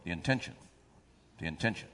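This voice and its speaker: Speaking a little fast in a big-room sound, a man delivers a sermon and reads from scripture. He engages the congregation through call-and-response questions, breaking into sudden loud swells.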